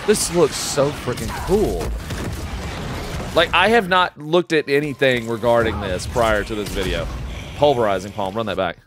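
A young man hosting a reaction video, excitedly shouting, swearing and laughing as he watches. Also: medium pitch, normal speed, noisy background.

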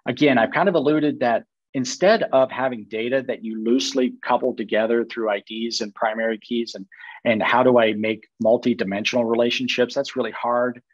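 Man walking an audience through a technical webinar, husky tone, explanatory with self-corrections. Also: mid-range voice, fairly even intonation, no room sound, lo-fi sound. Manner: explanatory, with quick restarts and asides. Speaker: company tech chief presenting a webinar.

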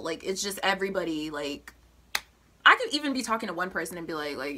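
Young woman, casual vlog chat, bright voice, faint background hiss. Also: on the low side, very animated. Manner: playful, drawn-out slang, lots of "like". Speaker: vlogger.

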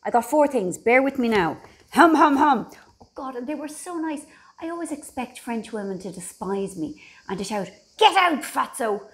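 A woman's voice: a little high, expressive, a little fast. A middle-aged Irish woman chatting casually to her phone camera from a holiday house, rambling and self-deprecating. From Ireland. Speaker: vlogger.

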